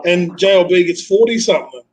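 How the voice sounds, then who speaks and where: An earnest man with a high voice chats on a live stream. He is placating and repeats his phrases as he works round to his point. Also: animated, brisk, darkish tone, low-quality recording. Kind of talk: casual chat on a live stream.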